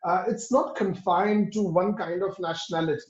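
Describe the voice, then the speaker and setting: A man's voice: high-pitched, fairly even intonation, moderate pace, echoey room, dull audio. A male interview host reacting with laughs and asking questions in casual conversation.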